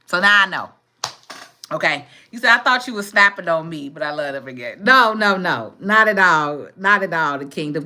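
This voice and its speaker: A woman's voice: a little high, pushed and bright. A woman hosting a livestream, chatting casually with viewers and laughing often. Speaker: livestream host. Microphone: phone camera.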